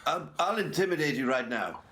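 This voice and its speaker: Wry man player, lively voice. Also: fairly high pitch, a little fast, over a noisy crowd. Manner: dry, wry, unsure. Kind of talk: in-character tabletop play.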